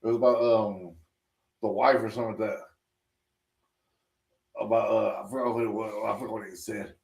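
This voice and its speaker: Gravelly dude, keeps restarting his words, sounds far off in an echoey room. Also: lowish voice, fairly even intonation, a little mellow. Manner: halting, repeats words, chimes in. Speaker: podcast co-host. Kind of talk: casual chat. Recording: roomy echo, away from the mic.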